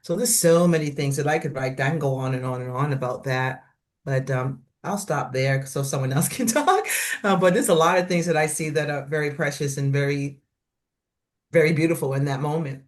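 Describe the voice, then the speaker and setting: A woman's voice: low voice, fairly quick. Older woman chatting in a group. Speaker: church member sharing. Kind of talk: casual group sharing.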